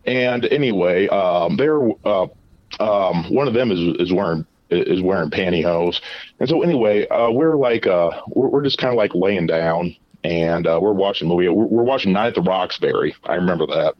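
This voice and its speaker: Low-voiced male caller, halting. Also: expressive, lo-fi sound. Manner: halting, filler-heavy, repeats words. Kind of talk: casual confessional storytelling. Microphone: phone call.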